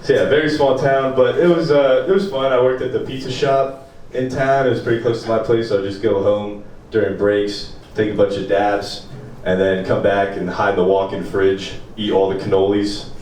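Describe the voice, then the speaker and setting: A man's voice: on the low side, fairly even intonation, moderate pace, darkish tone. A young man from rural Pennsylvania doing a loose, profane, self-mocking stand-up set. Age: young adult. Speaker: stand-up comedian. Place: small apartment comedy show. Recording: echoey room, distant, noisy.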